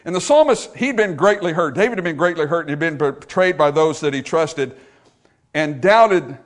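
A man preaching a sermon, repeating phrases for emphasis and calling out to the congregation, swelling to fervor then dropping soft and low. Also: lively intonation, normal speed.

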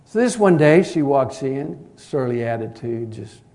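A man's voice: mid-range voice, unhurried, creaky. Earnest preacher man telling a story. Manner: earnest, direct, swinging between loud and quiet. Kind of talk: sermon with storytelling.

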